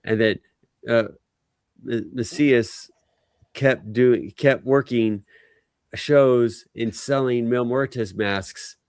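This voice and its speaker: Man, middle pitch, dry close mic, casual swearing storyteller. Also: takes it slowly, pauses often, clear, resonant tone, no room sound. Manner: profane, animated storytelling. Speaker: podcast co-host. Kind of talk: casual chat.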